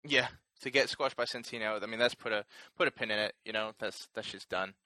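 Rambling, bright-voiced man chatting wrestling. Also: fairly low pitch, fairly quick, no room sound, low-quality recording. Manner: rambling, swears casually, many fillers. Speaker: podcast co-host. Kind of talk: casual wrestling chat.

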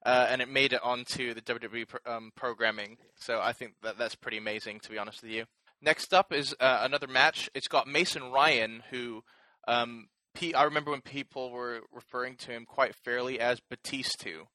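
A man's voice: medium pitch, fairly even intonation, moderate pace, few pauses, pushed and bright, dry recording, rough recording. A man co-hosting a casual podcast chat, rambling with lots of fillers and the odd swear. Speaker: podcast co-host.

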